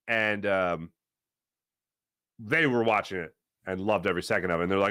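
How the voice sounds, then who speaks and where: A middle-aged man hosting a live sports talk show, answering chat in a rambling, animated way. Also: fairly quick, dry recording, clean studio sound. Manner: animated, rambling, swings between low asides and loud bursts.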